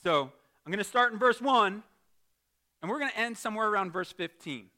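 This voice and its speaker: A man delivers a Sunday sermon in a high, bright voice. He talks with the congregation and jokes with them. He drops into quiet asides and then bursts into loud exclaims. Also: a little fast. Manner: animated, jokey, shifts from quiet asides to loud shouts. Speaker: pastor. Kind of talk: lively church sermon.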